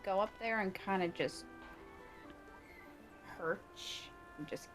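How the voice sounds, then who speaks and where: A woman playing in a tabletop game who talks in a soft, hushed way. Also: mid-range voice, takes it slowly, over music. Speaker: player. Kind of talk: casual tabletop game chat.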